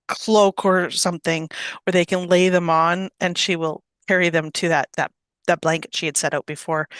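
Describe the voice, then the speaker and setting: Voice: mid-range voice, a bit bright, no room sound. A tabletop game player describing their character's actions in a hesitant, filler-heavy way. The voice sits mid-range, and the recording is dry and close. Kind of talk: casual play description.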